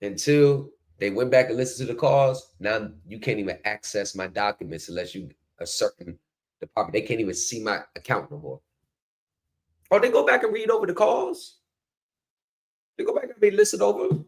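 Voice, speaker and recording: Man, host, casual commentary, animated storyteller, voice rises and falls a lot, middle pitch. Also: moderate pace, gravelly. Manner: animated storytelling, acts out quoted people.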